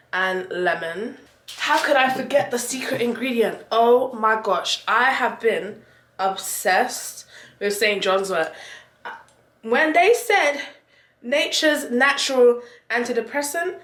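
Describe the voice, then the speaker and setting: A young woman chatting casually in a vlog, playful and quick to laugh. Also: on the high side, fairly bright tone, roomy sound. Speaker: vlogger.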